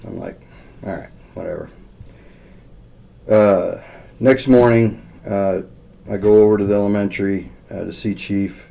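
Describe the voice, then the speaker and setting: A middle-aged man talks through a story in a relaxed, rambling way, voice very low and gravelly. His tone is dark and mellow, full of small pauses and filler words as he recounts conversations. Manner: rambling, heartfelt, frequent "uh" and quoted dialogue. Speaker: podcast co-host leading a school safety program. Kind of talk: casual storytelling chat.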